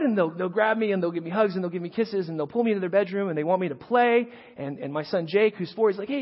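A husky, high-voiced man in his thirties, a preacher who also teaches high school, gives an earnest sermon packed with stories. He talks conversationally and often repeats words when restarting, captured on a dull lo-fi recording with long hall reverb.

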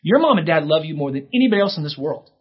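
Brief: male pastor, children's sermon, lively husky delivery, somewhat high voice, dull lo-fi sound. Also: racing. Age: adult. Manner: animated, acts out kids' lines in a higher voice. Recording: dull lo-fi recording.

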